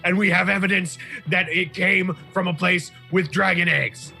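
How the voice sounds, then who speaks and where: A man playing a loud, indignant tabaxi impostor who blusters and swears at the guards. The voice is high and gravelly with a bright, tense edge. Faint music runs underneath. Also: fairly even intonation, moderate pace, heavily acted. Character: brash male tabaxi cultist impostor, indignant.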